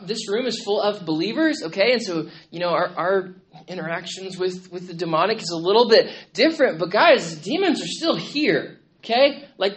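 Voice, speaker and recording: A man's voice: high-pitched, fairly bright tone, husky. A male pastor delivers a sermon in a room full of listeners. He keeps it conversational, often tossing in "okay?" and "right?" to check in with them. He repeats words and restarts his phrases as he builds his points. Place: room with a congregation.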